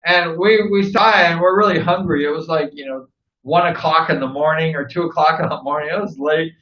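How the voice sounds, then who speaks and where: A man from Southern California who hosts, telling animated stories casually to camera, laughing often and acting out old conversations. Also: on the high side, brisk, reverberant, muffled recording. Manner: animated, laughs often, acts out past dialogue. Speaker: host, former motorcycle racer.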